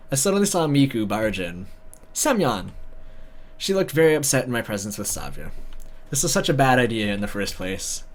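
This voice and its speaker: A man reading a visual novel story aloud, breaking in with sarcastic comments. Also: medium pitch. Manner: sarcastic asides, animated. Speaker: video narrator.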